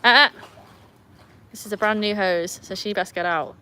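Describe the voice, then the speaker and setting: A woman's voice: mid-range voice, normal speed, pushed and bright, slight background noise. English woman chatting on a live stream. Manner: chatty, greets viewers and scolds her dogs playfully. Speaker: livestream host. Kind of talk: casual live chat. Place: outdoors beside a backyard pool in the rain. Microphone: phone. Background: faint rain and outdoor ambience.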